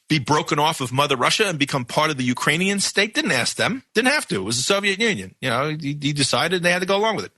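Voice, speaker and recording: A man's voice: a little high, pushed and bright, no echo. A man from New York hosting a radio news show, talking in an emphatic, rambling monologue with many restarts. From New York, USA.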